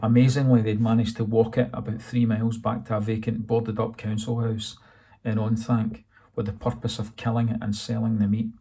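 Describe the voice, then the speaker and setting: A man reading his own novel aloud in a dry, steady storytelling manner. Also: lowish voice, fairly quick, gravelly, slight background noise. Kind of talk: audiobook narration.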